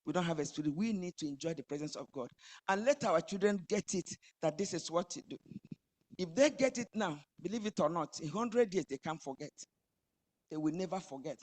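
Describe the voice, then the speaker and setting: A woman preaching a sermon, building emphatically to loud high climaxes.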